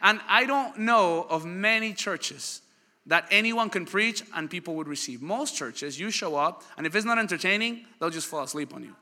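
A man preaching a sermon, telling lively stories and asking the congregation questions. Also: high voice, normal speed. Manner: animated storytelling, asks the crowd questions. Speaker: pastor. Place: church hall. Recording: church hall reverb.

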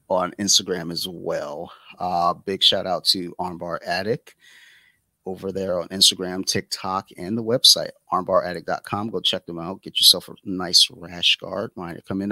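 A man's voice: low-pitched, vocal fry, bright, forceful tone, no echo, low-quality recording. A man hosting a casual podcast, talking loosely with many fillers and restarts. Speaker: podcast host.

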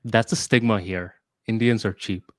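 A man's voice: fairly low pitch, fairly even intonation, moderate pace, no room sound. Candid man on a dry podcast mic. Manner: candid, short interjections. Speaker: podcast co-host. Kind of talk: casual podcast chat.

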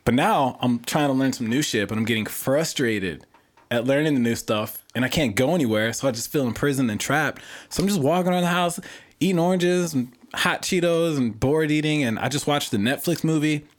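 A man's voice: mid-range voice, a little fast. A man co-hosting a podcast, rambling in a laid-back, slangy way. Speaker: podcast co-host. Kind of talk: casual chat.

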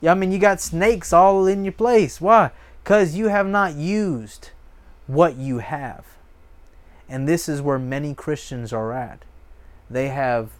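A pastor preaching a sermon, his voice pitched somewhat high for a man. He talks in an emphatic, repetitive way, hammering phrases home and slipping into lively asides.

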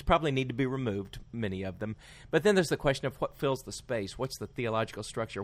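A man in casual podcast conversation, giving reflective, measured explanations. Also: fairly low pitch, fairly bright tone. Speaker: lectureship organizer.

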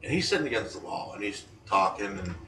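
A man co-hosting a chat show about paranormal investigations, telling rambling, animated stories full of restarts. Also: deep voice, fast, vocal fry. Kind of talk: casual radio-style chat. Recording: echoey room, distant from mic, faint noise.

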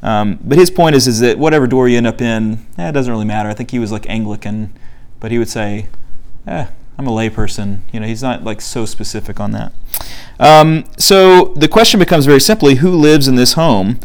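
Young male discussion leader; relaxed, chatty, leans on fillers, mid-pitched voice. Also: fairly quick, clear, resonant tone. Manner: conversational, many fillers, reads quotes aloud. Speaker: study group leader. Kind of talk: casual teaching talk.

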